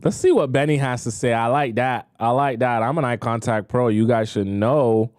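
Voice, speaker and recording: A man's voice: medium pitch, normal speed, darkish tone, no echo, clean studio sound. A man, a dating coach, chatting emphatically on a live stream as he reacts to clips.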